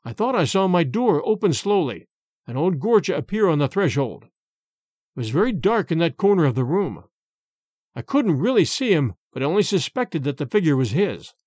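Man reading a spooky story aloud, lively pitch, dry close sound, bit higher voice. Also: moderate pace, husky, no echo. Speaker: narrator.

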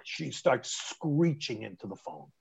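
A middle-aged man, telling a personal story in conversation, animated and emphatic, often restarting mid-phrase. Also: medium pitch, measured pace, vocal fry, a little hiss or hum. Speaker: interview guest recounting a personal story. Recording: dull lo-fi sound.

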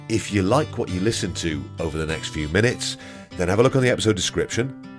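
A man reading a podcast introduction in a friendly, scripted way. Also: sits low. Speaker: podcast host. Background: guitar music.

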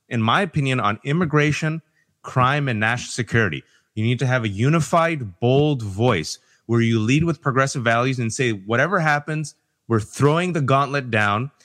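A man speaking as a guest on a political podcast panel, emphatic and animated, talking in quick bursts and mimicking people as he argues. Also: medium pitch. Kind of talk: impassioned political podcast discussion.

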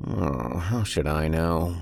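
A man's voice: a bass voice, expressive, slow, creaky, a little mellow, faint music behind, heavily acted. A man voicing a guarded, defiant woman who sits in a wheelchair, speaking in a dry, cool and pointed way in a horror story reading.

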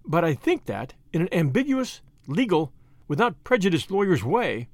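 A man voicing a spirited, plucky young Englishwoman in an audiobook, eager and quick to object. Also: sits high, big pitch swings, no room sound, clean studio sound, full character voice. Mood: earnest.

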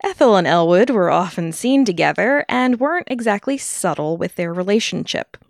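A woman's voice: medium pitch, animated, moderate pace, gravelly, no echo, clean studio sound. A woman co-hosting a podcast, telling a true-crime history in a casual way and laughing often between the facts. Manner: laughs often while narrating. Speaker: podcast co-host telling the story.

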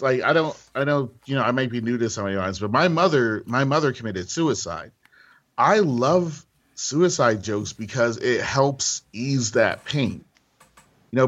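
A male comedian guest on a podcast, speaking candidly and haltingly, with frequent restarts and fillers. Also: medium pitch, fairly bright tone, muffled recording.

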